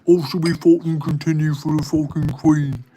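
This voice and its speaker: A man putting on a put-on English accent to play a crude, swearing self-styled English gentleman who keeps invoking the Queen. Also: a little high, little pitch movement, moderate pace, slight background noise, voice pushed up, lightly acted, rough recording. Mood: blustering. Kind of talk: comic improv bit during a casual build stream.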